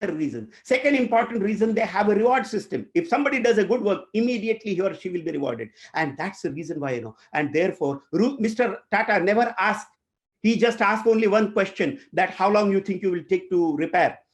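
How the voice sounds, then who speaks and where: Man, Indian English accent, corporate trainer, high voice, animated motivational storytelling. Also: brisk. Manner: animated storyteller, addresses audience directly.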